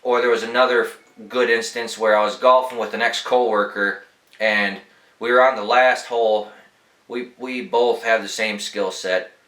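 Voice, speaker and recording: A man's voice: medium pitch, fairly even intonation, moderate pace, bright, forceful tone, reverberant, rough recording. A young man hosting a podcast, telling laid-back, profanity-laced stories in a rambling, casual way. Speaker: podcast host. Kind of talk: casual storytelling.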